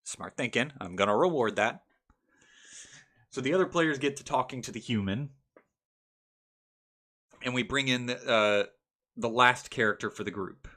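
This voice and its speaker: A young man recaps the tabletop game he ran, and his bright, lively voice breaks into laughter as he goes. His telling is casual and animated, and he slips into quick character voices. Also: mid-range voice. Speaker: game master telling a story. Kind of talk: casual storytelling vlog.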